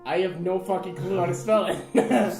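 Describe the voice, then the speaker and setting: A man hosting a podcast, telling stories in a casual, animated, foul-mouthed way. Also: sits high, moderate pace. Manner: animated, profane storytelling. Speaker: podcast host. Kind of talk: casual chat. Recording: echoey room with music underneath.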